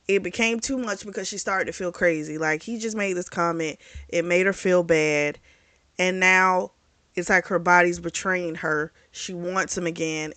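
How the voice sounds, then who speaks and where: Book-reviewer woman with a lowish, dry, close sound. Frank, rambling and chatty plot recap. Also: sharp tone, no room sound. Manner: candid and chatty, frank about explicit scenes; loose, rambling delivery with fillers and self-corrections. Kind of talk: casual retelling of a novel's plot.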